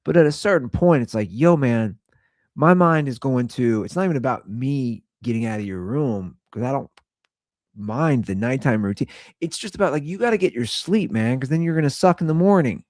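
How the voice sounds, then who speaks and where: A man in his thirties with an American accent, hosting a casual rant show and acting out quotes in higher voices. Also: lively intonation, fairly quick, a little mellow, no echo, studio quality. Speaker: podcast host.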